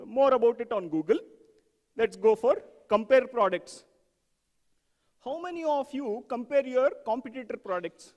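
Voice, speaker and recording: A man giving an animated conference talk on software testing, asking the audience questions and acting out examples. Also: very high-pitched, moderate pace, long reverb tail, muffled recording.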